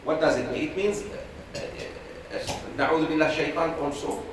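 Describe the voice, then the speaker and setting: A man's voice: on the high side, moderate pace. A man teaching a religious class in a conversational way, acting out voices while telling stories. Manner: conversational, acts out quoted voices in a story. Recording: echoey room from far off, noisy.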